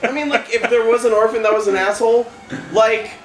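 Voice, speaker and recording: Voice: medium pitch, little pitch movement, a little fast, faint music behind. A co-host of a gaming show chatting bluntly in casual banter, swearing freely and giggling. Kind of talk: casual let's-play banter. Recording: echoey room.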